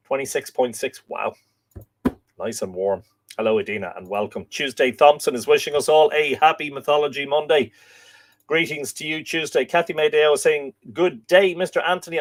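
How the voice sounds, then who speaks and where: An Irish man hosting a live stream, chatting casually and reading viewer comments aloud, with a lot of musing asides and filler words. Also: medium pitch. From Ireland. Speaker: host.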